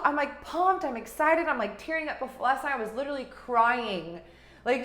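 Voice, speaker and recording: A woman life coach hosting her podcast, giving an energetic, gushing motivational talk that swings between loud and hushed. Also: medium pitch. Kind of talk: motivational monologue. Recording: roomy echo.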